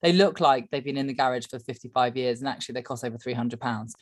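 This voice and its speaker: A woman's voice: very deep voice, fast. A woman, chatting as a podcast co-host in a dry, wry way. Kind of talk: casual chat.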